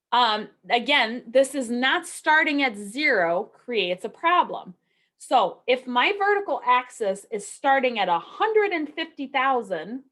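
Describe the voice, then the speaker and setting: In this recorded statistics lecture, the woman teaching speaks on the high side with a somewhat bright quality. She keeps it conversational, asking rhetorical questions and regularly checking in with "okay" and "right."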